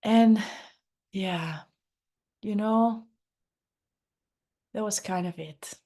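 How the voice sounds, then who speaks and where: A woman voicing a lazy male brain minion who talks slowly and drawls with low energy. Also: fairly even intonation, darkish tone. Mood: sluggish.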